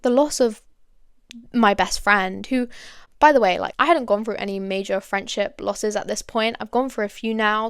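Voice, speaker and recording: A young woman tells a personal story on her podcast, confiding and chatty, full of fillers and asides to her listeners. Her voice is smooth yet gravelly with vocal fry. She is recorded dry and close on the mic. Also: mid-range voice, no echo. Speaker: podcast host.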